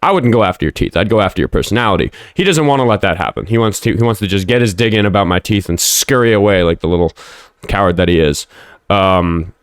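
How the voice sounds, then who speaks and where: A man's voice: sits low, lively intonation, quick pace, clean tone, dry recording, clean studio sound. A man hosting a casual livestream, chatting and rambling, swearing freely and snapping back at commenters. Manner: profane, combative toward chat, rambling. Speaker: livestream host.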